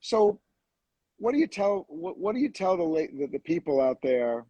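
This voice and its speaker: A man with a slightly husky voice talks over a video call in a dry, close sound. He chats casually, restarts his sentences and laughs at his own jokes. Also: high-pitched, sing-song, moderate pace, warm tone, no room sound, dull audio. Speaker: hair restoration surgeon, co-host. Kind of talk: casual live-stream chat, telling jokes.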